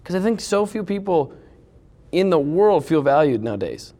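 A man's voice: fairly high pitch, big pitch swings, mellow. A man being interviewed as a company co-founder, talking eagerly in casual chat and leaning on filler words. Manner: eager, rapid, full of "like" fillers. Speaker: company co-founder, podcast guest.

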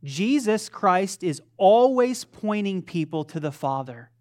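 A man's voice: high-pitched, big pitch swings, takes it slowly. Conversational male pastor preaching. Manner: conversational, self-deprecating, with frequent restarts; asks the congregation questions. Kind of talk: sermon.

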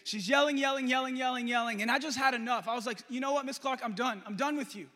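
A young male pastor telling a story in a lively, joking sermon to his church. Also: very high-pitched, fast. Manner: animated, jokey, talks to the congregation. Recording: long hall reverb.

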